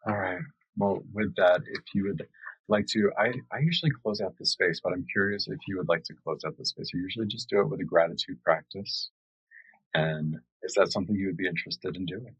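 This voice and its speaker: A man's voice: deep voice, a little fast, a bit bright, slightly rough, dry recording. A man hosting a podcast interview, talking in a reflective, affirming way and repeating key words for emphasis, on a slightly dull lo-fi recording. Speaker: podcast host.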